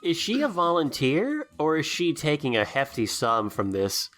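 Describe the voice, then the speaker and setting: A man co-hosting a podcast, chatting casually about a movie with sarcastic jokes and quick silly character voices. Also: on the high side, wildly swooping pitch, a bit bright, faint music behind. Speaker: podcast co-host. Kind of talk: casual movie commentary chat.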